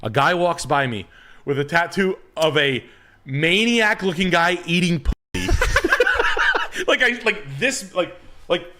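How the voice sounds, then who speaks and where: A man's voice: on the high side, expressive, unhurried, sharp tone. A man co-hosting a talk show, trading crude, profane banter and slipping into mock voices. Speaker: podcast co-host.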